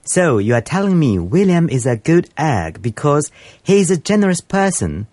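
A man's voice: a little high, big pitch swings, moderate pace, darkish tone, dry recording. A man co-presenting a scripted English lesson, asking curious questions about each phrase.

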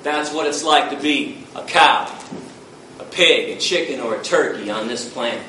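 A man's voice: medium pitch, normal speed, bright, forceful tone, slight background noise. A man from the United States giving a passionate public lecture, blunt, fiery and confrontational, heard from far off in an echoey hall.

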